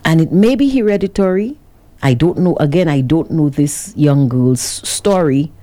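A woman vlogger telling her viewers a dramatic story, with an animated, expressive delivery. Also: low voice, moderate pace. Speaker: vlogger working with a cameraman.

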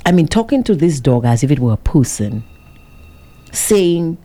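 A woman vlogger telling her viewers a dramatic story, with an animated, expressive delivery. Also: low voice, moderate pace. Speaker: vlogger working with a cameraman.

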